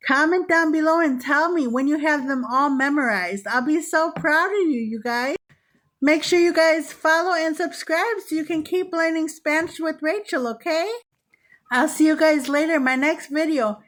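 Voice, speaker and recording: A young woman teaching Spanish words to children in a slow, repetitive drill, with upbeat, encouraging praise between words. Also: high-pitched, fairly bright tone. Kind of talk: slow, repeated vocabulary drill for kids.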